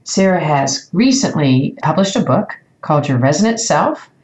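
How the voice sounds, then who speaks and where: A woman's voice: sits low, lively intonation, normal speed, a little mellow, rough recording. A woman reading a scripted introduction to a podcast episode.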